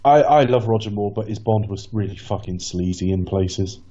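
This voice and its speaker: A man's voice: on the low side, normal speed, dark tone, muffled recording. A man co-hosting a podcast film commentary, musing in a rambling, thoughtful way. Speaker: podcast co-host. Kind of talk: casual film commentary chat.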